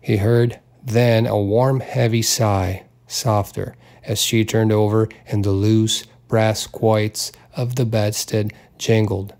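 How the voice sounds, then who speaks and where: A man reading a literary novel aloud as an audiobook narrator, in a measured, unhurried delivery with small touches of voice for the characters. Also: lowish voice, flat delivery, a little mellow.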